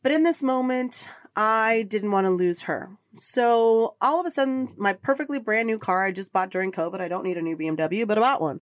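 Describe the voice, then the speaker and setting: A woman's voice: medium pitch, fairly quick, few pauses, dry recording. A middle-aged woman hosting a podcast, telling a personal story in an earnest, rambling, emotional way. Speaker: podcast host.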